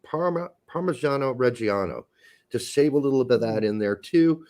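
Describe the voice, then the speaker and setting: A man's voice: mid-range voice, expressive, normal speed, a little mellow. A man co-hosting a casual podcast, joking and swearing while drinking beer and talking cooking. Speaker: podcast co-host.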